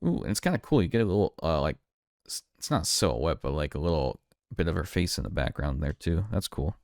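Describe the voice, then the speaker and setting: A man casually talking through a card pack unboxing, relaxed and chatty, thinking aloud as he goes. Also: low voice, fairly quick, dry recording, studio quality. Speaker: card collector streamer.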